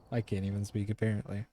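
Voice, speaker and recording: Mellow low-voiced male game streamer. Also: a little hiss or hum. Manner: chatty, talks to the ghost and grumbles about game updates. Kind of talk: casual live gameplay commentary.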